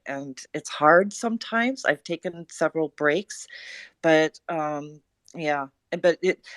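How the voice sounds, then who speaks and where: A woman speaking earnestly and emotionally in an audio chat room, halting with many pauses and fillers. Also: fairly low pitch, dry recording. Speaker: guest speaker.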